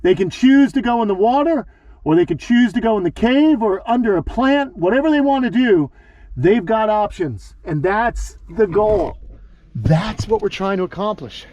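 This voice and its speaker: A man's voice: sits high, expressive, moderate pace, a little mellow, no echo, muffled recording. A man hosting a casual backyard vlog, chatty and upbeat, a little out of breath, fondly talking to his animals. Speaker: vlog host. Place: outdoor backyard. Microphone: handheld phone.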